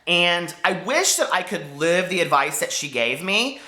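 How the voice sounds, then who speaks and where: A man in his forties with a high, squeaky voice, speaking in an impassioned, hurt vlog rant and swearing as he talks to the camera. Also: very animated, a little slow, bright, forceful tone, roomy sound. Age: 40s. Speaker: book vlogger.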